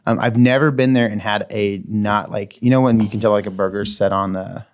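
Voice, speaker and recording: A man's voice: on the low side, fairly even intonation, brisk. A man co-hosting a church podcast in easygoing, enthusiastic casual chat, laughing often. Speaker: podcast co-host.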